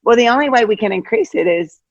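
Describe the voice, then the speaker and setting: An older woman, a head basketball coach, chatting as an interview guest, telling stories in an animated way with lots of fillers and acted-out quotes. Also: fairly high pitch, fast talker, dry recording, dull audio. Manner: animated, acts out quoted dialogue, many fillers. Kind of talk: casual interview storytelling.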